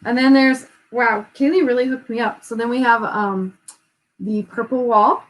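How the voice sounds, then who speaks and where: A bubbly woman with a fairly high voice, gushing over gifts on a casual live stream. She exclaims often and laughs easily as she chats. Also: fairly even intonation, moderate pace, low-quality recording.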